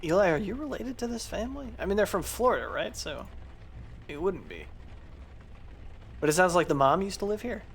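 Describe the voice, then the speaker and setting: A man in a casual let's-play recording, talking through his game in a chatty, self-deprecating way. His voice sits a bit high. There is a faint background hum. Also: expressive, brisk, pauses often. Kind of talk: casual gameplay commentary.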